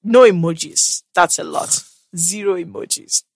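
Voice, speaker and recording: A woman's voice: on the low side, measured pace, gravelly, dry recording, clean studio sound. Playful woman chatting on a podcast. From Nigeria. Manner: animated, playful, mock-smug impressions. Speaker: podcast co-host. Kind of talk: casual chat.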